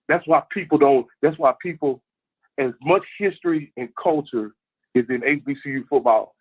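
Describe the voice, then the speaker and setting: A man calling in to a show, making his point insistently and repeating himself. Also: mid-range voice. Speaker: caller. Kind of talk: passionate call-in argument. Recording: tinny phone line.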